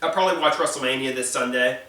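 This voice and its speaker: A man's voice: mid-range voice, quick pace, bright, forceful tone, roomy sound, distant mic. A man from Long Island with a New York accent, chatting casually as a video host, rambling and stumbling over repeated words. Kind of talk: casual chat.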